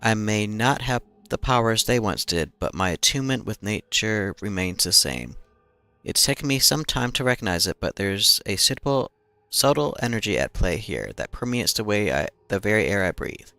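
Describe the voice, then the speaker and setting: Guy reading as a calm shaman, measured and thoughtful, low gravelly voice. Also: dry recording, exaggerated voice. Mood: reflective. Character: calm male shaman writing a diary.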